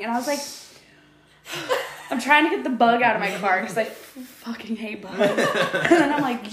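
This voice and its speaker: A woman's voice: on the high side, expressive, normal speed, a little hiss or hum. A woman in her thirties hosting a casual podcast interview, telling stories with a laugh and lots of fillers. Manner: chatty, laughing storyteller with many fillers. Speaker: podcast host. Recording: echoey room.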